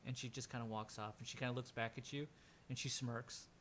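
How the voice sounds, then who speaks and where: A young man narrating as game master in a tabletop game, animated and laughing, with many fillers. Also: medium pitch, brisk.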